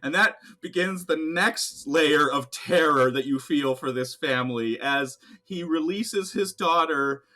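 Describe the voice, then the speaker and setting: A man's voice: fairly high pitch, a little slow, hardly any pauses. Laid-back man co-hosting a podcast. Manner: relaxed, rambling, swears freely and laughs often. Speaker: podcast co-host. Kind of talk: casual chat recapping a show.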